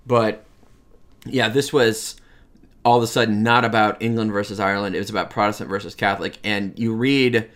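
A man's voice: lowish voice, fairly even intonation, fairly quick, a bit bright. Chatty man lecturing on history. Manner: conversational, acts out quoted voices, many restarts. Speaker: history teacher.

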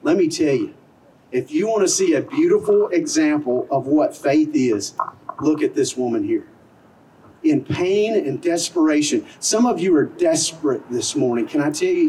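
A man's voice: on the high side, animated, normal speed, mellow, recorded from a distance, rough recording. A middle-aged man preaching an outdoor sermon as pastor, earnest and conversational, full of rhetorical questions. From American South. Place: outdoor service in a parking lot.

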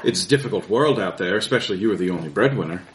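A smug, cruel villain officer, as a man puts him on, speaks in a silky, mocking tone and turns coldly threatening. His lines swing up and down in pitch. The recording has an echoey room and a faint hiss. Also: lively intonation, racing.

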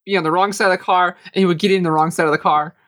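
A woman's voice: lowish voice, steady tone, rapid-fire. A woman co-hosting a podcast, talking casually with a lot of fillers, hesitations and laughter. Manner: giggly, hesitant, filler-heavy speech. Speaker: podcast co-host. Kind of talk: casual review chat.

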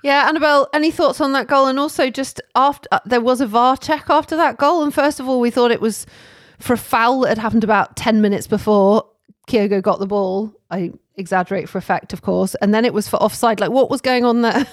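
A woman's voice: a little high, steady tone, brisk, dry recording, studio quality. A woman hosting a podcast panel, chatting casually and putting questions to the others. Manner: chatty, asks questions with light laughs. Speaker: podcast host. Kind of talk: casual football chat.

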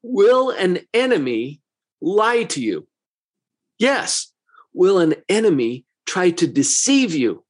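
A man's voice: high-pitched, sing-song, takes it slowly. A man who works as a psychologist giving a motivational talk, full of rhetorical questions, with a conversational and emphatic manner.

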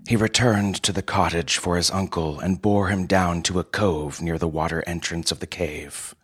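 A man narrating a story in a steady, measured reading. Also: low voice, husky.

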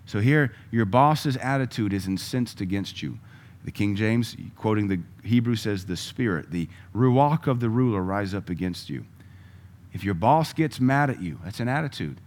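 A man preaching a sermon, moving between loud emphatic lines and quiet asides and chuckling with the congregation. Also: on the low side, lively intonation, moderate pace. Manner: laughs often, conversational asides to the congregation.

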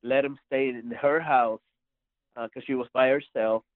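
A man's voice: mid-range voice, fairly even intonation, normal speed, dry recording. A man as a podcast guest, telling a story casually, rambling and repeating his words. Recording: dry tinny phone-like line.

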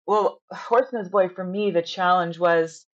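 Chatty low-voiced woman, earnest. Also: a little slow, dull audio. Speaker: stage director and actress. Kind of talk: casual podcast interview.

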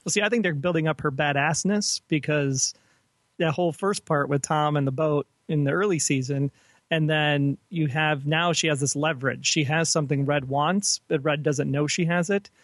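A man's voice: on the high side, fairly even intonation, normal speed, a bit bright, no room sound, clean studio sound. A man appearing as a guest on a TV podcast, laying out his theories with enthusiasm. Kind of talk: casual chat.

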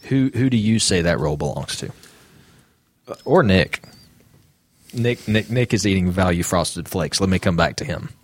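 A man's voice: low-pitched, expressive, normal speed, long pauses, breathy edge. A man co-hosting a casual podcast, putting questions to the other hosts. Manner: asks questions, moderates the talk. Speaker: podcast co-host.

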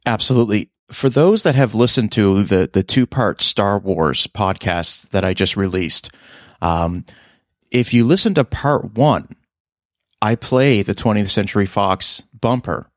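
A male podcast host in easy, casual conversation, telling stories with lots of animation. His voice sits at a middle pitch and rises sharply when he acts out other people. The recording is dry and close, with no room sound. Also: measured pace, no room sound. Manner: animated storyteller, voice jumps high for quoted lines. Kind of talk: casual chat.

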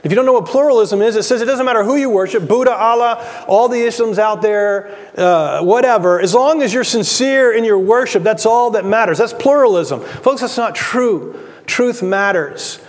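A man preaching a sermon as a pastor, earnest, repeating words and dropping quiet for emphasis. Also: high voice, normal speed, long reverb tail.

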